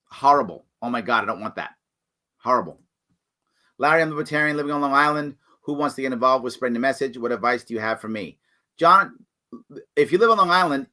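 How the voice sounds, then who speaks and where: A man hosting a live online Q&A who reads viewers' comments and answers them, often acting out other people's lines. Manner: animated, acts out other people's lines with big jumps in pitch. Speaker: host answering viewer questions. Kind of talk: live call-in style Q&A stream.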